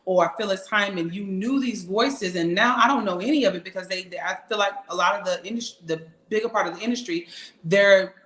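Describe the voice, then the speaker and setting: A woman's voice: medium pitch, a little fast. Emphatic young woman singer in an echoey room. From Atlanta, Georgia. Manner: lively, emphatic and candid, with frequent laughs. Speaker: singer and podcast guest. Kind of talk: casual interview chat.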